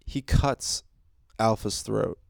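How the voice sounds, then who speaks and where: A man's voice: lowish voice, slow pace, creaky, dry recording, clean studio sound. A man casually recapping a comic book, rambling with fillers and restarts. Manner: rambling, many fillers, laughs, swears.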